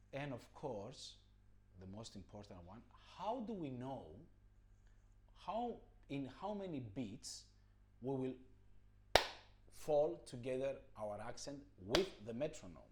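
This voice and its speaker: Patient man with a lively voice. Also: takes it slowly, pauses often, slight background noise. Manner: patient, explanatory, chants rhythm syllables loudly and high. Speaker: music teacher. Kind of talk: rhythm lesson with spoken counting syllables.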